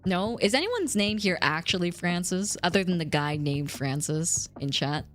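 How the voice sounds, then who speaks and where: A young woman chats with her stream audience in an animated, swooping voice. She darts up into squeaky highs and drops into goofy low tones. Faint music plays behind her. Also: moderate pace. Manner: animated, bouncing between squeaky highs and mock-deep lows. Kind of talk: casual chat with viewers.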